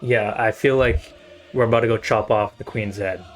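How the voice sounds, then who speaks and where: A man's voice: on the low side, steady tone, normal speed, soft background music. A man streaming live, reacting bluntly and profanely while thinking aloud. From Pakistan or India. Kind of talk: casual live-stream commentary.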